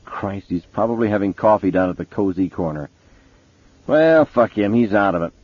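A man's voice: fairly low pitch, animated, normal speed, slightly rough, no room sound. A man voicing a brash, profane middle-aged police chief who talks in a blunt, swaggering way. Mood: gruff, cocky. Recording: tinny phone-like sound, dry.

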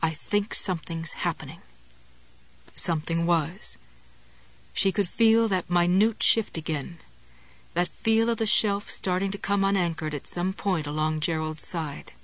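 A woman reading a novel aloud as an audiobook narrator, in a measured storytelling delivery. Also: lowish voice, no room sound. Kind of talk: scripted narration.

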